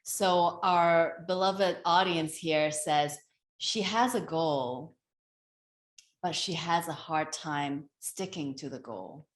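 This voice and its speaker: A woman speaking as a guest on a talk show, slow, earnest and reflective as she shares advice. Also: low voice. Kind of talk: reflective self-help talk. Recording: roomy echo.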